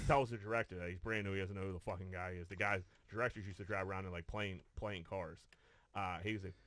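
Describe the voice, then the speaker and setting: A man co-hosts a podcast from a studio, casually relating a profane tale full of restarts and acted-out quotes. He talks fast in a lowish voice that's pushed and bright, and the recording has no room sound.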